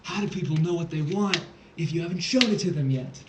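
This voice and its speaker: Speaking fairly quickly in a slightly high voice, a young man runs a casual test-prep tutoring livestream full of jokes and theatrical playfulness. Faint background noise sits in an echoey room.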